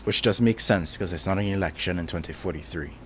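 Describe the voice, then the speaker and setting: A young Trinidadian man with a low voice chats casually on a livestream. He rambles, pokes fun at himself and chuckles often. A faint hum of room noise sits under his voice. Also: fast talker. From Trinidad and Tobago. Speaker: streamer. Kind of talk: casual chat stream.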